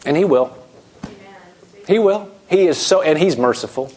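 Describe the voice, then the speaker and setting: A man's voice: a little high, expressive, normal speed, darkish tone. A middle-aged man preaching a sermon, emphatic, his voice rising and dropping sharply as he acts out quoted voices.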